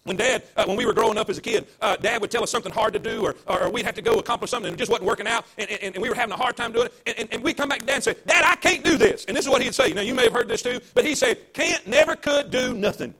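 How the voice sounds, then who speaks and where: A man's voice: high-pitched, very fast, hardly any pauses, fairly bright tone, breathy edge. A man, a pastor preaching a livestreamed sermon to an empty church, emphatic and repetitive, with call-and-response.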